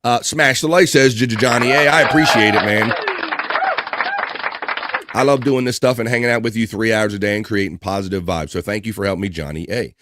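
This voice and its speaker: A man hosting a livestream, chattily reading out chat messages and shout-outs with quick asides. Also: on the low side, very noisy. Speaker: livestream host.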